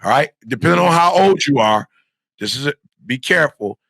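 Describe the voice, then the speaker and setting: A middle-aged man preaching motivation to kids, his voice pitched a little high with a gravelly, fry-laden edge. The tone is bright and forceful, and every point gets hammered home through repetition. He sounds close and dry, with no room around him. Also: lively intonation, a little fast, no room sound. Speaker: motivational speaker. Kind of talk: motivational talk to young students.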